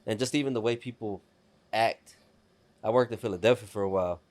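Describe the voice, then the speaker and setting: A man's voice: fairly low pitch, brisk, darkish tone. A man, hosting a podcast and telling stories in a casual, profane way.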